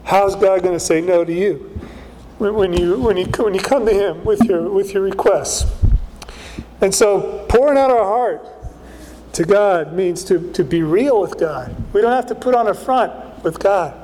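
Man preaching with a high voice in a reverberant hall. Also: normal speed, warm tone, slight background noise. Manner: conversational, asks the congregation "right?" often. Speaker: pastor. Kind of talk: sermon. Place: church hall.

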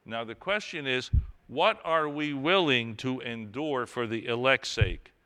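A man's voice: mid-range voice, a little slow, bright, forceful tone, smooth, long reverb tail. A man preaching a sermon, earnestly reading and explaining scripture with rising emphasis.

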